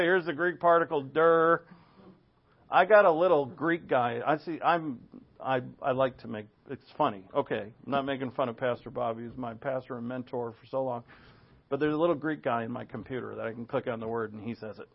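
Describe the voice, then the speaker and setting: A male pastor preaching an expository sermon, full of asides and rhetorical questions. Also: medium pitch. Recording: dull lo-fi sound.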